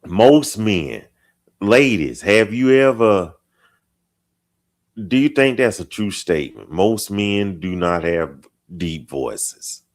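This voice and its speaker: A man with a very low, deep voice hosts a live stream, taking his time over every phrase. His pitch still swings widely as he reacts, and he keeps repeating short acknowledgements while he reads viewers' replies. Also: animated. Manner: slow, drawn-out, repeats phrases while reading comments. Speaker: host of a live chat show. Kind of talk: casual live-stream chat reading viewer comments.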